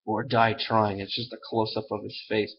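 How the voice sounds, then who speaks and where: A man's voice: fairly low pitch, level tone, moderate pace, slightly rough, highs cut off. A man casually retelling a comic book plot in a rambling way, full of fillers and loose asides. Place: at home.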